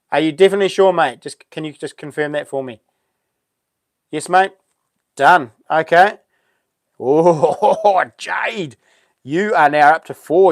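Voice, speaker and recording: A relaxed man with a New Zealand accent chats his way through a live stream, meandering and dotting his talk with ums. His voice sits a little high for a man. The sound is close and dry, with no room around it. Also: no room sound. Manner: laid-back, rambling, lots of ums. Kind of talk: casual live stream chat.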